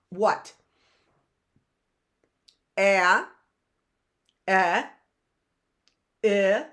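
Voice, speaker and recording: A woman leads a live phonics lesson at an unhurried pace, drawing out each letter sound and repeating it. Her voice sits on the low side, but the pitch swings widely as she asks the class questions and answers them herself. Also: fairly bright tone. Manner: drawn-out, repeated sounds and frequent "right?". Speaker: teacher.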